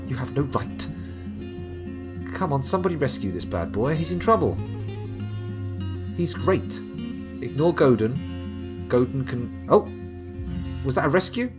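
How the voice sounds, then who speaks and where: A man's voice: medium pitch, big pitch swings, measured pace, long pauses, music in the background. A man from the UK streaming a game live, commenting with dry, sarcastic, jokey asides. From United Kingdom. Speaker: gaming streamer.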